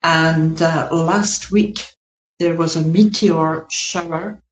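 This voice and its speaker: A woman giving a gentle, meandering spiritual talk to an online group as its teacher, with many fillers. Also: deep voice, fairly even intonation, slow pace, reverberant, rough recording.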